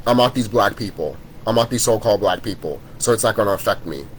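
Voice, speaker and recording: A man's voice: on the low side, animated, quick pace, slight background noise, poor audio. A man in a vlog, ranting to his viewers, heated and repetitive, swearing often. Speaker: vlogger. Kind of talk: profane spiritual rant to camera.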